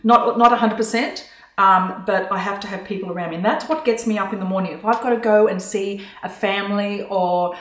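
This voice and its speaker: Chatty female podcast guest, mid-pitched, hesitant um-filled delivery, roomy echo. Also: fairly quick. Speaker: guest, co-founder of a coaching business. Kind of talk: casual podcast interview. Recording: echoey room.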